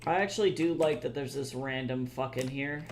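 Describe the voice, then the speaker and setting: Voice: medium pitch, moderate pace, slight background noise. Tired, swearing livestreamer. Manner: swears freely, rambling and chatty. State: tired from little sleep. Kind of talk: casual livestream chat.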